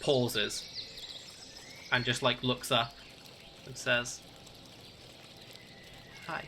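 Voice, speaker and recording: A man's voice: mid-range voice, flat delivery, extremely slow, pushed and bright, a little hiss or hum. A man narrating as dungeon master of a tabletop game, hesitant and full of fillers. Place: home setup with fantasy ambience playing.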